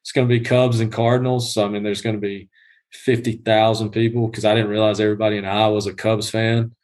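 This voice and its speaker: A man's voice: lowish voice, flat delivery, quick pace, darkish tone. A man chatting casually as a podcast guest, telling a story with many restarts and fillers. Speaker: guest groundskeeper. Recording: livestreamed podcast.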